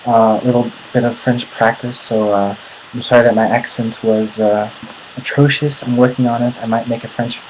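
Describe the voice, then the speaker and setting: Nervous, flat-voiced American man. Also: medium pitch, a little hiss or hum. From United States. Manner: nervous, halting delivery. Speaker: vlogger. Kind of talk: casual talk to camera. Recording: dull lo-fi home recording.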